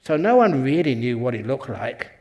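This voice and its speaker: A man's voice: medium pitch, big pitch swings, normal speed, darkish tone. Male meditation teacher, humorous storyteller, playful with easy chuckles, mid-range voice. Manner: playful, chuckles at his own jokes. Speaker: Buddhist monk and meditation teacher.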